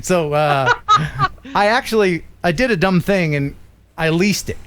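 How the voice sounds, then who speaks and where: A middle-aged man hosting a live stream, telling stories in a joking, animated way. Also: fairly high pitch, measured pace, noisy background. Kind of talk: casual live-stream chat.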